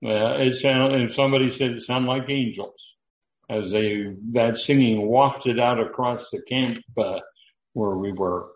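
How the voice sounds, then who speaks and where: An older man preaching a sermon, speaking in a slow, halting way with frequent fillers and restarts. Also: medium pitch, echoey room, dull audio. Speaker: pastor.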